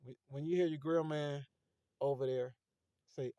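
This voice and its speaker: A man's voice: on the high side, steady tone, moderate pace, dark tone, dry recording, studio quality. A man, giving casual motivational talk to viewers from inside his parked car at night, preachy and conversational. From Fort Pierce, Florida. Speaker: motivational vlogger.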